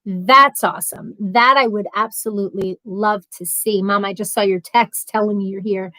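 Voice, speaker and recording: On a low-quality, dry recording, a woman with a mid-range voice talks at a normal speed while hosting a casual live stream. She's chatty and rambling, reading out viewer comments and replying to them. Her storytelling is animated and broken up by bursts of laughter.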